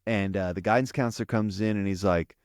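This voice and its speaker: Low-voiced man rambling through a recap. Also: fairly even intonation, brisk, clear, resonant tone, no echo, clean studio sound. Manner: rambling, many restarts, searches for words. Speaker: podcast co-host. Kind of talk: casual chat recapping a TV episode.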